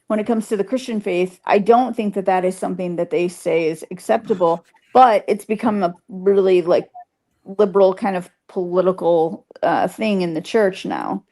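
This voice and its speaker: A woman's voice: medium pitch, normal speed, warm tone. A woman on a podcast, talking earnestly and a bit hesitantly, with many likes and fillers. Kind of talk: casual chat.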